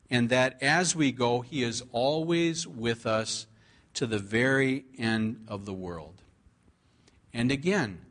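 A male pastor in the middle of a sermon, his voice sitting in an ordinary middle pitch. He talks with earnest conviction and repeats scripture lines, stretching them out slowly for weight. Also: fairly bright tone. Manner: earnest preaching, drawn-out repeated scripture quotes; emphatic, stretches key words slowly.

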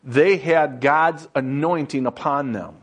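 A man preaching a sermon in a slow, conversational style, often pausing on fillers and building to emphatic, rising passages. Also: fairly high pitch, slightly rough. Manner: plain storytelling with frequent fillers.

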